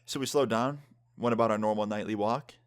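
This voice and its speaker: Fast-talking young man telling a story. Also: fairly low pitch, clean tone. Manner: fast, animated, lots of swearing and "like". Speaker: vlogger. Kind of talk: casual storytelling.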